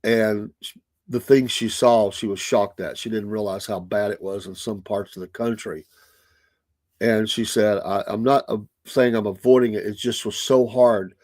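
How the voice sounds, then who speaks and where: Middle-aged host, rambling folksy storyteller, dry close mic. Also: male voice, fairly low pitch, steady tone, moderate pace, a little mellow, no echo. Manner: rambling, folksy, many restarts. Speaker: radio show host. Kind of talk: casual monologue.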